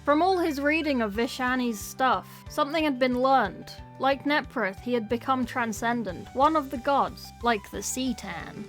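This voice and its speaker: A woman's voice: high-pitched, unhurried, few pauses, fairly bright tone, soft background music. A woman casually reading a novel aloud, with playful, chatty asides. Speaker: book reader.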